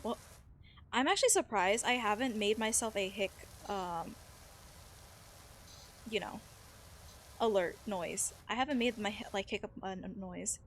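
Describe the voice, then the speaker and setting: This woman's mid-range voice is unhurried and a bit bright, with frequent pauses, as she live-streams a cleaning game. Rambling to her stream from a desk microphone at home, she giggles often and peppers her speech with "like" and "you know." Slight background noise is audible.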